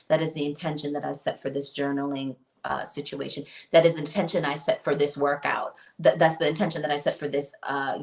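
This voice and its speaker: A woman hosting a casual self-help livestream, speaking in a meandering way with repeated words. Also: deep voice. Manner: meandering, repeats words, reads viewer comments. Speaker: spiritual self-help host.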